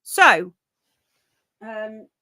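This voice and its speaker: A woman's voice: a little high, very animated, extremely slow, no room sound. A woman hosting a live podcast from her bed, chatting casually and greeting viewers by name. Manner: chatty, rambling, warm greetings to chat. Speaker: livestream podcast host. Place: bedroom, sitting on her bed. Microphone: own microphone on camera setup.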